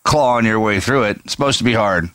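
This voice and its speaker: A man's voice: lowish voice, fast talker, fairly bright tone, no room sound. A man hosting a casual interview, speaking emphatically and encouragingly.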